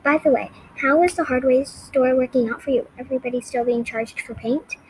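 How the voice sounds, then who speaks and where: A woman reads a sharp, defiant teenage girl for a storybook, fairly high voice. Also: fairly quick, slight background noise, lightly acted, low-quality recording. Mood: angry. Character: angry defiant teenage schoolgirl coder.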